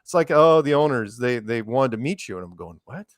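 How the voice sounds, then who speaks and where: A man's voice: medium pitch, animated, brisk, no room sound, studio quality. A man chatting as a guest over a call, rambling and quoting people as he tells a story. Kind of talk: casual chat.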